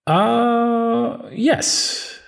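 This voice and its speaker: A man in his thirties with an Italian accent, chatting casually as a podcast co-host, halting with many ums and restarts. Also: very high-pitched, creaky, smooth. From Italy. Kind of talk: casual chat.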